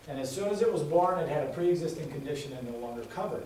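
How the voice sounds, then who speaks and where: A middle-aged congressional candidate rattles through his campaign speech at a quick pace with hardly any pauses, his fairly high voice expressive and a little mellow. He tells folksy tales and drives points home through repetition. Captured from a distance in an echoey indoor meeting room, the audio has a little hiss or hum.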